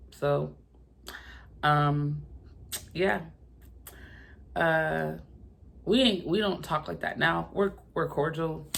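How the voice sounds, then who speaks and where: A young woman telling a story to her viewers in casual, profane talk, voicing the people in it with loud quoted lines. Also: lowish voice, vocal fry. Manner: animated and profane, acting out quoted lines loudly. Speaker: vlogger.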